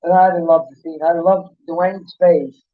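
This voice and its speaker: A man's voice: fairly high pitch, flat delivery, unhurried. A man telling rambling, folksy stories in casual chat, often correcting himself as he goes. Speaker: podcast co-host. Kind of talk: casual storytelling. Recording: tinny phone-like sound.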